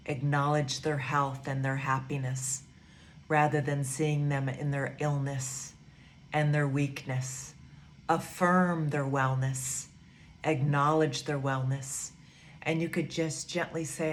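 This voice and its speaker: A woman giving a gentle, soothing teaching talk, repeating phrases softly as she guides her students. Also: rumbling low, slight background noise. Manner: soft, slow, repetitive, soothing. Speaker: spiritual teacher.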